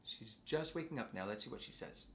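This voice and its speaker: Man, children's music teacher, sing-song, very lively pitch, playful. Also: brisk, gravelly, a little hiss or hum. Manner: playful, sing-song, coaxing kids to join in. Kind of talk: interactive music lesson for young children.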